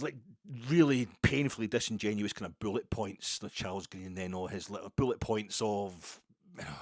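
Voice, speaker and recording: A man's voice: lowish voice, fast talker, vocal fry, slightly rough, no room sound, clean studio sound. A man with a Scottish accent hosting a podcast in a rambling, self-mocking monologue full of sweary humor. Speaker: podcast host.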